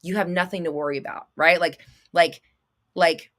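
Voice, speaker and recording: Bright-voiced, blunt woman livestreaming. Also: on the low side, moderate pace. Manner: blunt, swears freely, excitable, laughs often. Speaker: manifestation coach and livestream host. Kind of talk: casual livestream chat, reading viewer comments.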